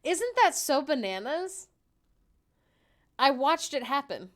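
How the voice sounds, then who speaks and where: A young woman chats casually with her viewers from home, fairly high and very lively in pitch. She jokes about herself and laughs easily, talking into a desk microphone. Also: takes it slowly. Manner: chatty, laughs often, self-deprecating. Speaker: streamer. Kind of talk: casual livestream chat.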